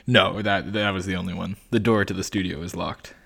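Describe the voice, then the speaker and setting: Laid-back low-voiced young man. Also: fairly even intonation, a little fast, creaky, fairly bright tone. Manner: laid-back, lots of fillers. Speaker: podcast co-host. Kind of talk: casual chat. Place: girlfriend's family home.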